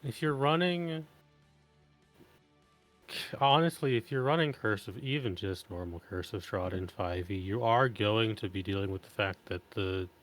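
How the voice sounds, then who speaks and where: A man's voice: on the low side, unhurried, a bit bright, faint music behind. Blunt, wry man in casual chat. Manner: blunt, wry one-liners.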